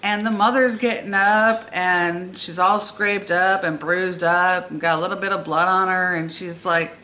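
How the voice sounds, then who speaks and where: A young woman telling a true story from her own life in a casual, animated and exasperated way. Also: on the low side, measured pace. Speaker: storytime vlogger.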